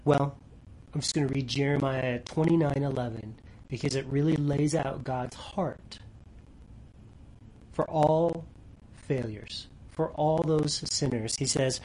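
A man preaching a sermon earnestly, dropping to soft near-whispers for tender lines and rising loud when reading scripture. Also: medium pitch, slow pace, a little hiss or hum, rough recording. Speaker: pastor.

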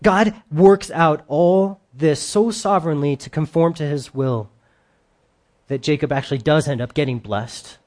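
A man's voice: fairly high pitch, unhurried, a little mellow. A middle-aged man preaching a sermon, reading scripture aloud and acting out the speakers with dramatic voices. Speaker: pastor.

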